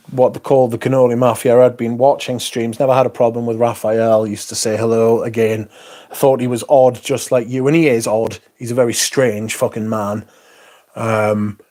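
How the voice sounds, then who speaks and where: A man's voice: medium pitch, dark tone. A man hosting a livestream, ranting casually with heavy swearing and rambling asides. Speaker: livestream host.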